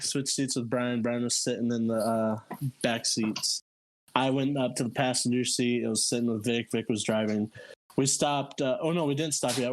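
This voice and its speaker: A young man casually telling a story on a podcast, animated and laughing, jumping into squeaky high voices for quotes. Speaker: podcast co-host.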